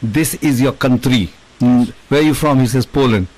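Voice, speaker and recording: A man's voice: mid-range voice, moderate pace, low-quality recording. Chatty male video-call host. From India. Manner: chatty, animated storyteller. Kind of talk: casual chat on a video call.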